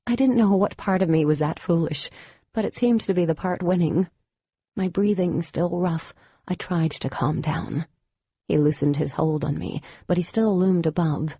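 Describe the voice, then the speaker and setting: A woman narrating a first-person audiobook in a measured, intimate storytelling way. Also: on the low side, dark tone, breathy edge, no room sound, dull audio.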